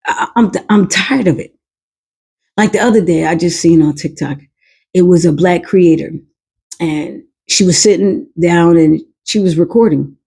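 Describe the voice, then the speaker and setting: A woman's voice: on the low side, unhurried, vocal fry, a little mellow, breathy edge. A woman hosting a podcast, giving blunt, emphatic commentary in a casual way. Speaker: podcast host.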